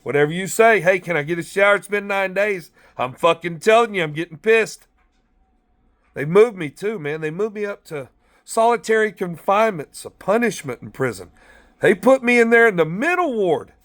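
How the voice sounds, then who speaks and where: A man's voice: high voice, normal speed. A man who is a former corrections officer, telling blunt, profane stories in a rambling monologue from inside a car. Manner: profane, blunt, animated storytelling.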